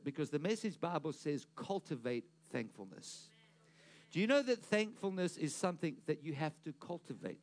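A man's voice: a little high, sing-song, normal speed. A man preaching a sermon to a congregation, pushing his voice up for emphasis, asking the room questions and stumbling into restarts. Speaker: pastor.

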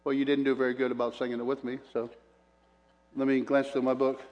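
A man's voice: medium pitch, level tone, quick pace, a little mellow, highs cut off. A man preaching a sermon, telling personal stories, chuckling between points and acting out what people said. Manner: storytelling, chuckles between points, acts out quotes. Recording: long hall reverb.

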